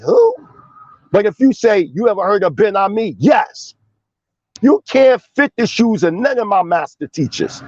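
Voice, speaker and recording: A man's voice: high-pitched, a little mellow, no echo, muffled recording. A man making his case in a heated online debate, confrontational and emphatic, with frequent swearing.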